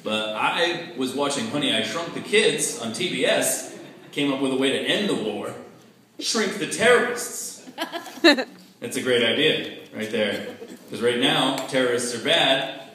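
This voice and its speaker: A man doing a stand-up comedy set, deadpan with laughing asides, on a club stage. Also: medium pitch, unhurried, slight background noise. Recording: echoey club with crowd laughter. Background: audience laughing.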